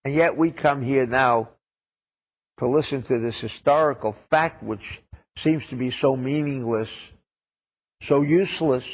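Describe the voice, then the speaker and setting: A man's voice: mid-range voice, measured pace. A man giving a sermon as a rabbi, wry and sarcastic, asking rhetorical questions. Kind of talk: sermon on the weekly Torah portion. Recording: dull lo-fi old recording.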